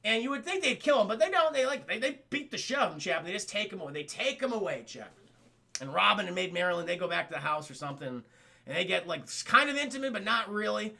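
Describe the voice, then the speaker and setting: Young male streamer, high gravelly voice, bright and excitable, profane, chatty recap. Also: quick pace. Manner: excitable, profane, keeps addressing chat. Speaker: streamer and film reviewer. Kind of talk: casual live-stream film recap.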